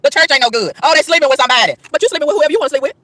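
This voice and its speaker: A woman's voice: high voice, animated, racing, a bit bright, no room sound. A woman outdoors in a park, delivering an emphatic, preachy rant to camera, firing rhetorical questions and tripping over repeated words. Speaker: vlogger.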